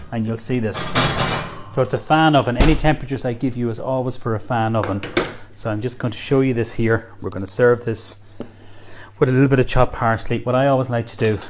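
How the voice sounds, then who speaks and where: An Irish man gives a chatty, enthusiastic cooking demonstration in a kitchen, praising the food as he goes. He speaks in a mid-range voice, with background noise present.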